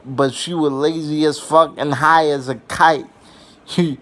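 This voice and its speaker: A man's voice: fairly high pitch, fairly even intonation, unhurried, a bit bright. A young adult man telling funny family stories in a casual, rambling way, swearing freely and filling gaps with "you know" and "um.". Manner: rambling and profane, with many fillers and restarts. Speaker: vlogger. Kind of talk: casual comedic storytelling.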